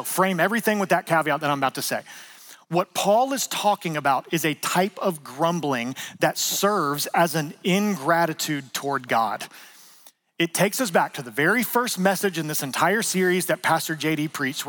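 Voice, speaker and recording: Man, pastor, sermon, high voice, animated, conversational. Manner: animated, conversational preaching with jokes and acted-out quotes.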